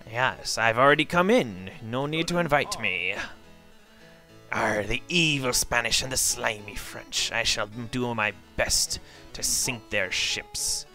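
A man's voice: medium pitch, takes it slowly, bright, forceful tone, soft background music. A man voicing a boastful, crude male pirate captain with brash, bawdy pirate talk. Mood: swaggering.

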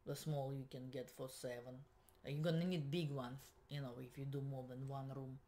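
A woman's voice: a bass voice, fairly even intonation, normal speed, dark tone. A woman with a Russian accent, a realtor and YouTuber, giving chatty, practical advice on getting a house ready to sell, with a self-mocking humor. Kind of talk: casual home-selling advice vlog.

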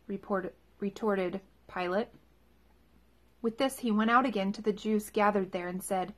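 Woman scripture reader, clear measured delivery, mid-range voice. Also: mid-range voice. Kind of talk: scripture reading.

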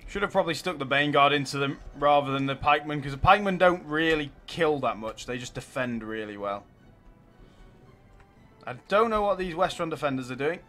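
A man hosting a let's play, giving live commentary and cheering his units on excitedly. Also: fairly high pitch, a little fast, soft background music.

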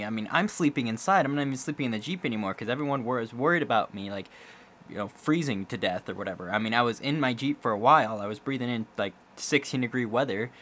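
A man's voice: medium pitch, a bit bright, a little hiss or hum. A young man from Kansas chatting casually for his vlog, rambling and joking. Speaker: vlogger.

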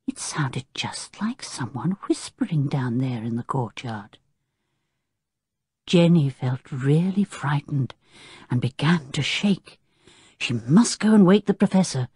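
Woman narrator for a kids' audiobook, low-pitched, lively, husky and dry. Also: no echo. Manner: expressive, suspenseful reading. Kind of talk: scripted story narration.

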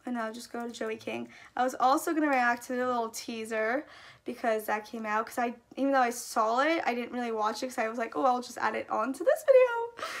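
A young woman with a high voice gushes to her viewers in a casual vlog, tumbling through fillers like a thrilled fan. Her voice catches with a gravelly fry as her words trail off. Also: fairly even intonation, a little fast, a bit bright. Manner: gushing, breathless fangirl talk packed with "like". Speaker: YouTuber. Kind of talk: excited casual vlog chat.

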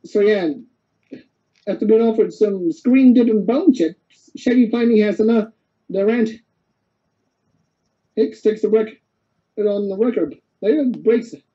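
Brief: casual male co-host, very deep mellow tone, rambling recap, muffled lo-fi recording. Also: a little slow, long pauses. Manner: rambling, stops and restarts while summarizing. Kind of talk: casual retelling.

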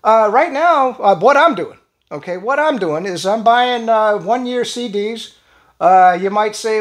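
A man's voice: high voice, animated, measured pace. An older man hosting his own casual vlog, talking in a rambling, folksy way with lots of restarts and chuckles. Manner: chuckles often. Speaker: channel host.

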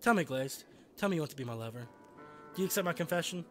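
A man reading a video game's lines as an obsessive, lovestruck teenage girl, in a soft, intense voice. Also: on the high side, expressive, fast, faint music behind, voice pushed down. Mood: pleading. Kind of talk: voicing game dialogue.

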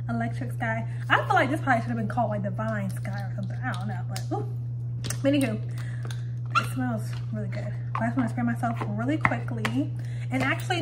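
A woman's voice: fairly high pitch, very noisy. A woman in her thirties chatting casually to her viewers in a rambling vlog. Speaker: lifestyle vlogger.

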